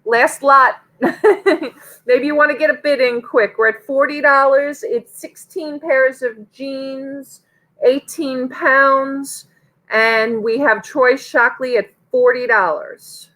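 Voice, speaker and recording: A woman with a Southern US accent co-hosting a live online auction, calling bids in an upbeat, drawn-out way. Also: high-pitched, steady tone, bright, forceful tone, rough recording. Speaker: auctioneer co-host.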